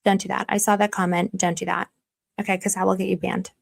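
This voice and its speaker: A young woman hosts a casual livestream, talking fast in a medium-pitched, level, creaky voice. She's chatty and self-deprecating, reads viewer comments aloud, and teases her audience with mock stern warnings.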